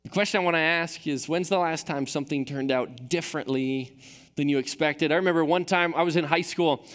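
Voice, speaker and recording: A man's voice: on the high side, fairly quick, fairly bright tone, clear, resonant tone. A man from Michigan preaching a sermon as pastor, telling a story with self-deprecating humor. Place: large church auditorium. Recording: long reverb of a church hall.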